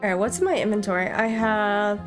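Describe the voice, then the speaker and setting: A woman's voice: medium pitch, fairly quick, music in the background. A woman hosting a gaming channel, casually commenting and thinking aloud while playing. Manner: chatty, thinks aloud, jokey.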